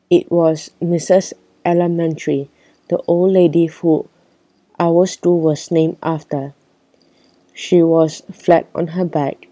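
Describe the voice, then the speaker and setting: Slow low-voiced woman reading a story. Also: flat delivery, mellow, no room sound, rough recording. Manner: storytelling with light character voices. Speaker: reader. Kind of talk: reading a children's book aloud.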